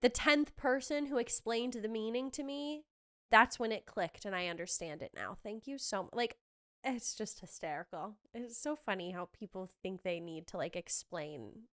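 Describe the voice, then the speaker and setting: A woman hosting a podcast, chatting casually and gushing excitedly through a recap with quick asides. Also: mid-range voice. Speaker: podcast host. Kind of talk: casual chat recapping a trailer.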